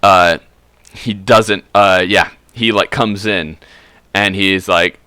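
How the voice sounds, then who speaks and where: A man's voice: sits low, steady tone, slow pace, sharp tone, smooth, no echo, clean studio sound. A man casually retelling a fantasy book while drinking. He rambles, swears and corrects himself as he goes. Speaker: streamer.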